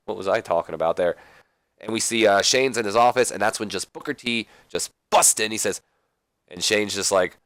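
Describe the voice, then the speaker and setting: A man with a fairly low voice narrating a wrestling sim let's play. He talks casually and rambles along, stuffing his sentences with fillers. The sound is dry and close, like a home setup. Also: moderate pace, a bit bright, no echo. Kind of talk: casual game commentary.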